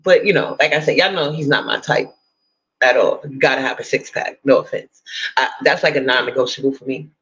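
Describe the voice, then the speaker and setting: A woman's voice: a bass voice, fairly quick, fairly bright tone, highs cut off. A woman chatting casually to her viewers, blunt, profane and gossipy with laughing asides. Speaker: vlogger.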